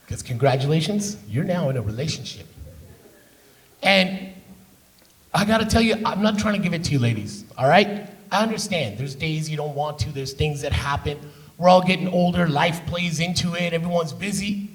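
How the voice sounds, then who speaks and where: Canadian stand-up guy on a theater stage, high gravelly voice, loud and crude, roasting the crowd. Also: normal speed. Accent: Canadian English. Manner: brash, profane, crowd-teasing. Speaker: stand-up comedian. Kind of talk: live stand-up comedy. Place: live theater stage with audience.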